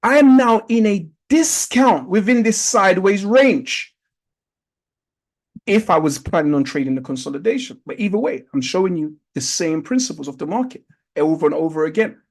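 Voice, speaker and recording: Over a video-call mic, a trading instructor with a notably high voice walks students through a chart in a live online class, animated and at moderate pace. He coaches by repeating key points and posing rhetorical questions, and the recording is rough.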